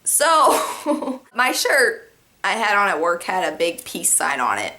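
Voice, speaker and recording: A young woman telling funny workplace stories straight to the camera in a casual vlog, animated and quick to laugh, with lots of "like" fillers. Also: medium pitch.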